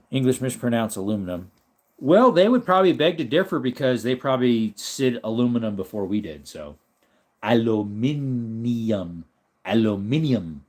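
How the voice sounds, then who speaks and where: An American man hosting a casual live stream, chatting loosely, reading out comments and laughing often. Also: medium pitch. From United States. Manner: relaxed, chatty, reads chat aloud and laughs often.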